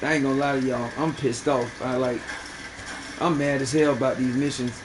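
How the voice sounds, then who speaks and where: A man's voice: medium pitch, steady tone, moderate pace, background noise. A young man streaming a fishing game, bragging and swearing in loose slang as he talks to his chat. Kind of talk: live gameplay commentary.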